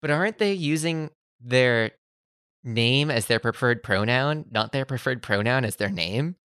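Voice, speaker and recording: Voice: mid-range voice, animated, unhurried, fairly bright tone, smooth, no room sound. A podcast host in casual chat, nitpicking and pedantic about details, on a close mic.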